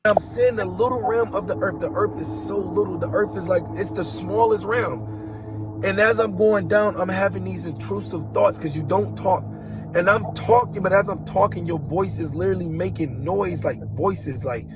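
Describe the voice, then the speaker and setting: A man's voice: normal speed, music in the background, rough recording. Earnest man telling a dramatic testimony. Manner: earnest and dramatic, imitating booming noises. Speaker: guest telling a personal testimony. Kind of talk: emotional personal storytelling.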